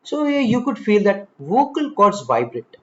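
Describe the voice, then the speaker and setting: Man, English teacher, fairly high voice, slow deliberate delivery, exaggerated word stress, slightly muffled recording. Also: sing-song, fairly bright tone. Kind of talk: spoken English lesson.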